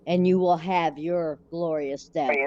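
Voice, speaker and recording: A woman voicing a stern female paladin, speaking slowly and formally. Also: low-pitched, steady tone, warm tone, lo-fi sound, voice pushed down. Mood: solemn. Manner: slow, solemn and formal.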